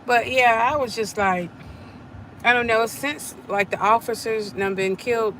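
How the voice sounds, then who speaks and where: Animated woman telling a story. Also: a little high, unhurried, a little hiss or hum. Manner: animated, acts out quoted voices. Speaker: live streamer. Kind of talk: casual storytelling to viewers.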